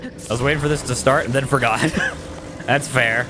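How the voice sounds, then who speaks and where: This young streamer has a medium-pitched voice at a normal speed, with background noise and game music behind him. Playing casually, he talks with his chat, cracks jokes, and chuckles a lot.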